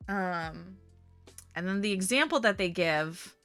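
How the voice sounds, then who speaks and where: A woman's voice: fairly low pitch, measured pace, fairly bright tone, soft background music. A woman streaming a casual, rambling chat who laughs often and trails off mid-thought.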